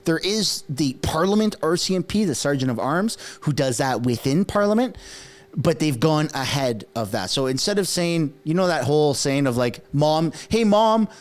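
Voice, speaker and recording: A man whose first language is French talks through politics in a casual, animated commentary. His voice sits a little high for a man, and he keeps checking in with quick rhetorical asides as he explains. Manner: animated, conversational, frequent "right?" asides; acts out quoted speech in put-on voices.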